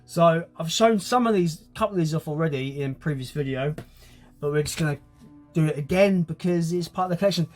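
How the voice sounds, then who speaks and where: A man's voice: fairly high pitch, a little fast, a little mellow, faint music behind. Enthusiastic man vlogging. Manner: enthusiastic, repeats words, swears casually. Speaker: channel host. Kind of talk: casual collection show-and-tell vlog.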